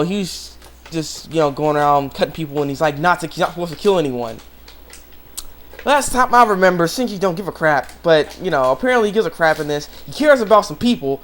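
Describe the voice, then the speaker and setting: Rambling young-sounding man reviewing anime. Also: on the high side. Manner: rambling, many fillers and restarts, acts out characters' lines. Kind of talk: casual spoken review. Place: home room with a dog nearby.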